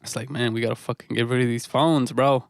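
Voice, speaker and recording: Gravelly laid-back man streaming music production. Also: mid-range voice, fairly even intonation, fast talker, no room sound. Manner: laid-back, rambling, slangy with "bro". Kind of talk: casual live-stream commentary while making music.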